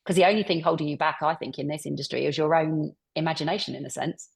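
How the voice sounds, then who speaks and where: A woman's voice: sits low, fairly even intonation, fast, vocal fry, husky. A woman hosting a panel discussion, encouraging her guests and thinking aloud with a few restarts. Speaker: panel host.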